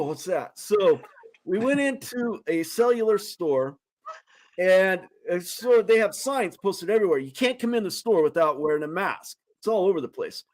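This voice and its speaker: A man telling a funny story on a talk show, animated and laughing often as he goes. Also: high-pitched. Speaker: guest.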